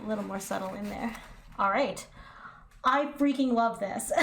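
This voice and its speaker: Woman painter, hushed self-narration, gravelly fry, casual and chatty. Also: mid-range voice. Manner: soft-spoken, quiet and hushed; chatty, self-talking, gently self-correcting.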